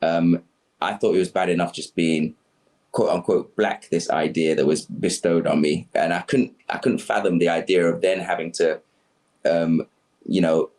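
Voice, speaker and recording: A man's voice: low voice, steady tone, normal speed, a little mellow. A man from Sierra Leone, a guest on a podcast, talking in a reflective, thoughtful way with fillers. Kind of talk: conversational podcast interview.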